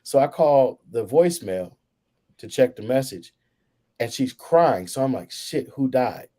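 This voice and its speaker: A man on a podcast telling a long personal story in a casual, animated way, acting out what others said. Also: medium pitch, unhurried. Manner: animated storyteller, acts out quoted voices. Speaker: podcast co-host. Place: podcast studio.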